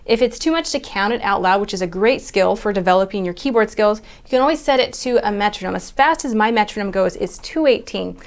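A woman's voice: medium pitch, lively intonation, brisk, hardly any pauses. Patient woman piano teacher. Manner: patient, methodical explaining, counting beats aloud. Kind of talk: step-by-step music lesson.

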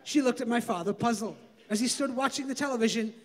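A man reading his comic memoir aloud in a dry, deadpan storytelling manner. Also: extremely high pitch, fast.

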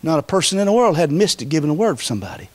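Pastor, male, folksy emphatic preaching, higher register, big swings up and down. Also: very animated, racing. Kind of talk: sermon.

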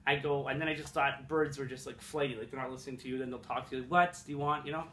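Talking very fast in a flat, mid-range voice with a fairly bright tone, a young man from Montreal rambles, swears and jokes at his own expense about his childhood in a casual vlog. The room in his apartment is echoey, with a little hiss or hum.

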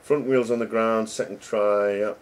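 A man's voice: lowish voice, steady tone, moderate pace. A middle-aged man, a game developer chatting casually and joking as he reads code names aloud. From England. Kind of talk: casual commentary while reading code.

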